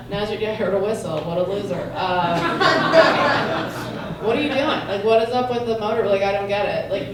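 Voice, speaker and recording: Brash, crude young woman comedian. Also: mid-range voice. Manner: brash, crude, talking to the crowd. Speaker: stand-up comedian. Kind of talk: stand-up set. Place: comedy club stage. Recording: echoey club miked from far off, loud room noise.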